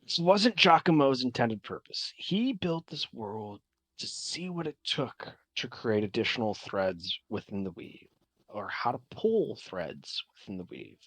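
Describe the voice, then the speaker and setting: A man's voice: medium pitch, very animated, a little slow, a bit bright, no echo. A man narrating as game master in a tabletop game, talking casually with many fillers and restarts.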